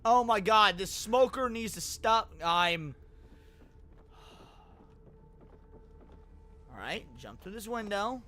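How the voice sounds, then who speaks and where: A male streamer giving casual gaming commentary, excitable and frustrated, swearing and bantering with his chat. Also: sits high, extremely slow, pauses often, slight background noise.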